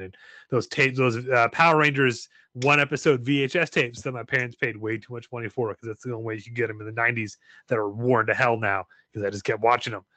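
A man's voice: mid-range voice, sharp tone, dry recording. A man in his thirties co-hosting a casual podcast chat, joking and rambling with many restarts. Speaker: podcast co-host.

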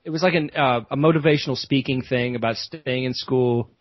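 A man's voice: medium pitch, a little fast, no room sound, muffled recording. A man, a podcast host, telling a long rambling story in casual chat, full of restarts and asides.

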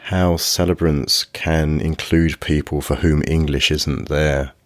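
A podcast host with an extremely low voice asks calm, reflective questions. They drop in short murmurs of agreement while the guest talks. The sound is close and dry. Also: no echo. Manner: measured, reflective, brief affirming murmurs. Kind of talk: interviewing.

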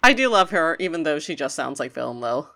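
A woman's voice: low-pitched, sing-song, quick pace, vocal fry, sharp tone. A woman co-hosting a podcast, joking and chatting enthusiastically while recapping a cartoon episode. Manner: playful, jokey, enthusiastic asides. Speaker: podcast co-host.

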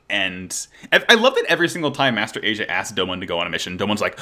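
Lively bright-voiced man recapping a show. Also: fairly low pitch, racing, hardly any pauses. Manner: animated, laughing, acting out scenes. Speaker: podcast co-host. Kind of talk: casual chat.

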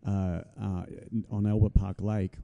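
A man's voice: on the low side, little pitch movement, unhurried, gravelly, warm tone, highs cut off. A man hosting a casual chat, easygoing and full of fillers as he swaps gig stories. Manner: easygoing, many fillers, affirms with "yeah". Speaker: podcast host and musician.

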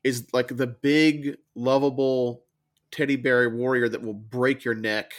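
A man's voice: mid-range voice, steady tone, a little slow. Musing, easygoing man talking books. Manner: musing, hedging, thinks aloud. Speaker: podcast co-host. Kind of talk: casual book discussion.

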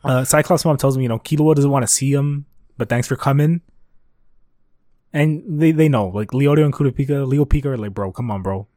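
A man's voice: mid-range voice, a little fast, mellow, dry recording, clean studio sound. A young man co-hosting an anime podcast, laid-back and slangy, saying bro and dude a lot. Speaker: podcast co-host. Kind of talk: casual chat.

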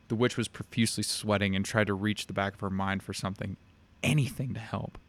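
A man reading a dark fantasy story aloud in a steady, measured way. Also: fairly low pitch. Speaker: narrator.

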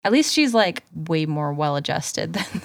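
A woman's voice: deep voice, sing-song, normal speed, no room sound, studio quality. A woman co-hosting a podcast in casual chat, giggly and rambling, a bit tipsy. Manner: giggly, rambling, lots of laughs. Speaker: podcast co-host.

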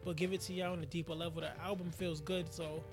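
A man who is a rapper, guest on an interview show, telling stories in lively casual talk and acting out voices. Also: on the high side, quick pace, music in the background. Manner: animated storyteller, acts out quotes.

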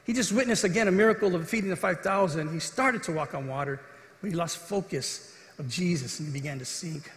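A man's voice: a little high, fairly quick. A man preaching a sermon as pastor, earnest, acting out the voices in the scripture story. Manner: earnest preaching, acts out quoted voices with rising intensity. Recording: echoey hall.

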